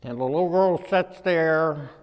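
High-voiced preacher telling funny stories. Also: male voice, measured pace, clean tone. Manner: animated, acts out voices, swings from quiet to loud. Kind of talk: humorous storytelling sermon. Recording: echoey hall.

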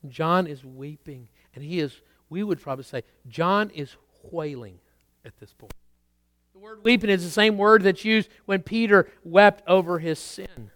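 A man delivering a sermon in a high, smooth, resonant voice. He swells into emphatic declarations and then drops low and quick for conversational asides. The sound is close and dry. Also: a bit bright, dry recording. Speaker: pastor.

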